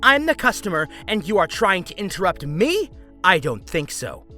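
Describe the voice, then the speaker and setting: A man voicing a shrill, furious, entitled woman customer who screams, bullies and interrupts. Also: very animated, moderate pace, bright, forceful tone, faint music behind.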